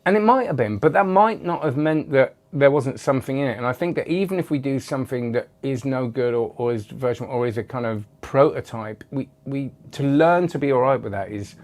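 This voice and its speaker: A man's voice: medium pitch, animated, a little fast, hardly any pauses, a little mellow. A man hosting a magic channel, chatting casually and rambling as he reads out viewer comments, with self-deprecating asides. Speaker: magic video host.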